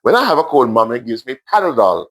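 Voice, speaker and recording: A man voicing a curious, anxious five-year-old girl, pitching his voice up. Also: very animated, fast talker. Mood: pleading.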